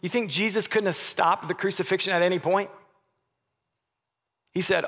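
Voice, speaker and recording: A man in his thirties preaches a sermon with earnest conviction. He restarts his phrases often and sinks soft and quiet on the words that matter most. His slightly high voice rings out with a long reverb through a church hall. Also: fairly even intonation, normal speed, long pauses. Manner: earnest, stammers on restarts, drops softly on key words. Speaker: pastor.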